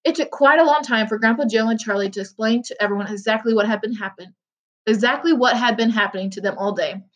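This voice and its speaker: A woman reads a children's book aloud in a steady, even way, tripping over a word now and then. Her voice sits on the higher side. The recording is muffled and lo-fi. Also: fast talker. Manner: steady reading with small slips. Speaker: reader.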